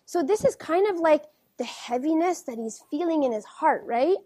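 A woman teacher reading a picture book aloud to children, gently asking them questions as she goes. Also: high-pitched, animated, moderate pace, few pauses, no echo, studio quality. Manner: gentle, questioning, keeps checking in with the kids.

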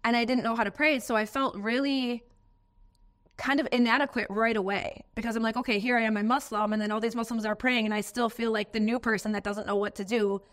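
A woman's voice: a little high, steady tone, brisk, fairly bright tone. An American woman in an interview, telling a personal story in an earnest, emotional way. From United States. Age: adult, has a daughter.

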